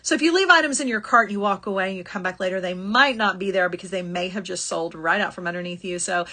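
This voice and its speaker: A woman's voice: medium pitch, quick pace, bright, forceful tone. A middle-aged woman hosting a live jewelry-making shopping stream, chatty and apologetic, laughing often. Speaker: jewelry-making show host.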